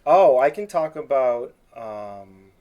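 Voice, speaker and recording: A man's voice: medium pitch, lively intonation, slow pace, dark tone, dull audio. A man in his late thirties, a podcast guest, telling candid stories with a joking edge in casual conversation over a video call.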